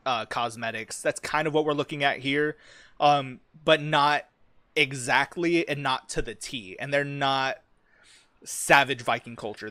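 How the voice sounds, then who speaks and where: A man in casual stream talk, rambling through his worldbuilding with plenty of swearing and ums. His voice is smooth and resonant at a middle pitch. The sound is dry and close, with no room echo. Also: sharp tone. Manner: rambling, profane, many fillers.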